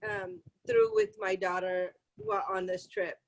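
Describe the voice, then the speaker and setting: A woman sharing a personal story on a video call, emotional and halting. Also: mid-range voice, fairly even intonation, low-quality recording. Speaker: group participant.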